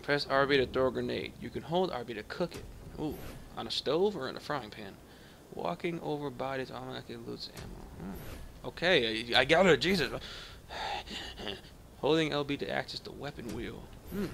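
A man playing a video game and commenting, jokey and excitable, talking back to the game. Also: mid-range voice, moderate pace, gravelly, a little hiss or hum. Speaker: gaming channel host. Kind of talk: let's play commentary. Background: game music.

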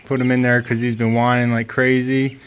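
A man vlogging casually from his chicken coop, talking gently to his dog and hens. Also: medium pitch, little pitch movement, a little fast. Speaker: homesteading vlogger. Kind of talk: casual vlog narration. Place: chicken coop on a rural property.

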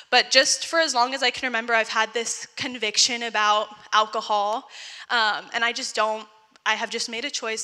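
Bright-voiced young woman sharing testimony. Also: a little high, big-room sound. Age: young adult. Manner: candid, chatty, heavy use of "like". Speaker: testimony speaker. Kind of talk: personal testimony.

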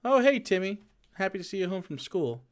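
Man playing a folksy sitcom parent, cheery, sing-song, raised pitch, soft. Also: very animated, fairly quick.

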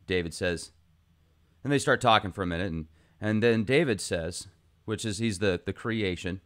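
A man hosting his own video channel, talking through a film's symbolism in an earnest, animated monologue. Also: lowish voice, moderate pace. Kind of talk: casual monologue analysis.

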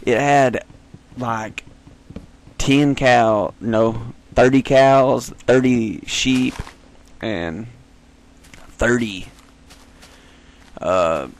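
A man giving rambling, jokey let's-play commentary as host of a gaming video, giggling and breaking into sudden high squeals. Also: very slow, long pauses, a little hiss or hum.

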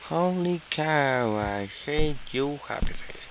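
A man's voice: fairly high pitch, lively intonation, slow, slight background noise, rough recording. A man giving let's play commentary, exasperated and goofy, swearing and using silly mild oaths as he plays.

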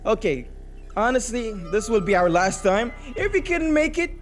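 A young man gives nervous running commentary on a horror game, dropping to hushed mutters and then bursting into panicked shouts. His voice sits high and swings widely in pitch, and it sounds a little worn. Game music plays clearly behind him. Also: sing-song, normal speed. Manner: talks to viewers while playing. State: losing his voice. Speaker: gaming YouTuber.

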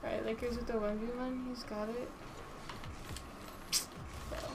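A woman's voice: a little high, little pitch movement, a little slow, background noise. A woman streaming a game live, chatting casually, swearing freely and answering her chat aloud.

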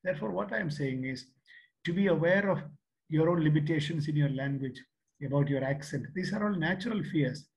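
A man's voice: on the high side, low-quality recording. Older man with a Kerala English accent. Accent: Kerala Malayali English. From Kerala, India. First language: Malayalam. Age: 60s. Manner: storytelling, repeats phrases, rhetorical "huh?" checks. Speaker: seminar speaker. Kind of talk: motivational talk to youth.

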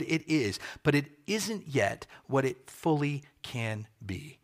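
A man preaching a sermon as pastor, earnest and emphatic, repeating key phrases and slowing down for effect. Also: mid-range voice, sing-song.

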